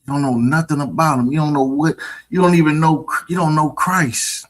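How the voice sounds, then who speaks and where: Speaking fairly quickly with a fairly high, steady voice, a man preaches a streamed scripture lesson in a mocking way. He keeps checking on his audience with "you understand?"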